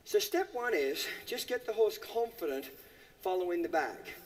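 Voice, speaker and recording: A man's voice: sits high, lively intonation, normal speed, long reverb tail. A man giving a live horse-training demonstration, asking his listeners questions and tagging lines with "okay?". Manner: asks the audience questions, keeps saying okay. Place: horse arena.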